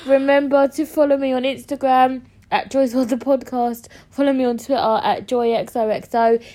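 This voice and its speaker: A woman's voice: sits high, flat delivery, normal speed, warm tone. Crude, giggly woman podcast host. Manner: frank, crude, giggly banter. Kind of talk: casual chat.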